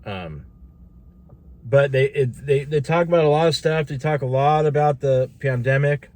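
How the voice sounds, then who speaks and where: A man's voice: medium pitch, moderate pace, a little mellow. A tired man talking casually to camera for his vlog, rambling with lots of fillers and restarts. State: tired, yawning. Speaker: vlogger.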